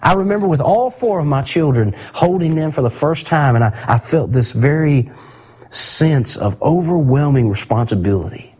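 A middle-aged man preaching a sermon, earnest and storytelling, drawing out key phrases slowly for emphasis. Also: mid-range voice, animated, darkish tone, breathy edge.

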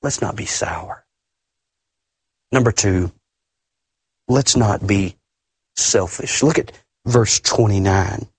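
A man preaching a sermon emphatically, often repeating words and swinging his pitch up and down. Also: takes it slowly, pauses often, husky, no echo.

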